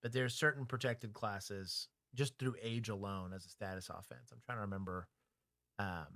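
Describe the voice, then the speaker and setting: A middle-aged former police officer with a Texan accent, co-hosting a casual livestream chat in a candid, joking way. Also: male voice, fairly low pitch, normal speed, no room sound, studio quality. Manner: candid, joking, talks things through aloud.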